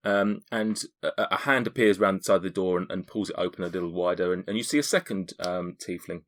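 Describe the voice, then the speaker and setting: A man's voice: low-pitched, fast talker. A man narrating as game master, casual and stammering.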